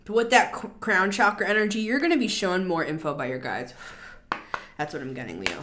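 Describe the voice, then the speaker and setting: A woman's voice: fairly low pitch, brisk, very noisy. Woman, tarot reader, casual chatty rambling delivery. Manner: chatty, rambling, animated asides.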